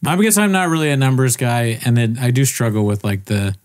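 A man's voice: mid-range voice, brisk. A young man co-hosting a podcast, chatting casually in a joking, laid-back way with plenty of swearing. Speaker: podcast co-host. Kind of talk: casual chat.

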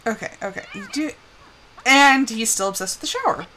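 A young woman giving casual live commentary on a life-sim game, chatty and scolding her characters with bursts of excitement. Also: on the high side, a little fast, slight background noise, low-quality recording.

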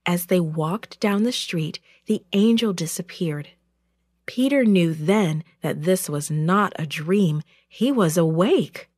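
A woman narrating a Bible story for a children's church program in an expressive, deliberate way. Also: lowish voice, dry recording, clean studio sound.

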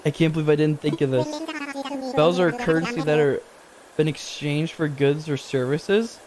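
A young man streaming a video game live, reading the on-screen text aloud and breaking into excited, high exclamations. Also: normal speed, a crowd in the background.

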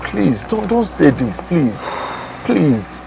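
A man's voice: fairly high pitch, sing-song, takes it slowly, vocal fry, over music, full character voice. An actor playing a lovesick Nigerian man who pleads and repeats himself. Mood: pleading.

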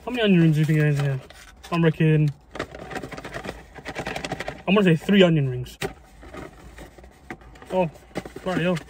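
A young man with a slightly high voice talks eagerly to camera about his food. He is chatty and excitable, with mild swearing. Steady background noise and car sounds run under the recording. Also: normal speed, pauses often. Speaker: food vlogger. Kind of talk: casual food review vlog.

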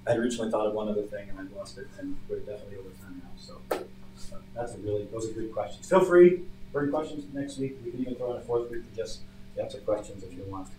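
A man's voice: lowish voice, fast. A man leading a church Bible study, talking in a loose, conversational way and leaning hard on key words as he tells a story. He sounds some distance from the mic in an echoey room, with a faint hum underneath. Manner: conversational, storytelling, animated emphasis. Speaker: pastor.

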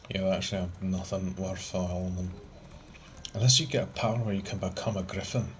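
A man's voice: low voice, fairly even intonation, a little fast. A young man chatting casually while gaming with friends, joking and swearing and sighing often, recorded on a gaming headset. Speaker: gamer playing with friends online. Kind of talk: casual gameplay chat. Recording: noisy game capture.

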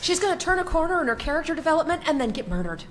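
A woman co-hosting a convention panel, talking excitedly as a fan and laughing a lot. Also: sits high, racing. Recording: stream of a live panel, background noise.

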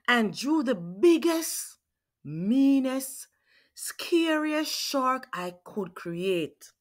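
A woman reading a picture book aloud to children, asking her young listeners questions as she goes. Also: on the high side. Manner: slow, expressive, asks questions of listeners. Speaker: children's read-aloud host.

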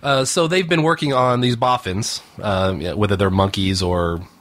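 A man's voice: lowish voice, steady tone, normal speed, a bit bright. A man co-hosting a podcast, reading out news stories and joking in an easygoing, dry way. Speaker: podcast co-host. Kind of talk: casual joking news chat.

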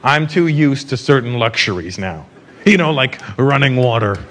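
A North American man doing a profane, animated stand-up routine on stage, speaking into a handheld mic. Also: mid-range voice, moderate pace. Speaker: stand-up comedian. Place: comedy stage before a live audience. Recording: live show with loud crowd and noise.

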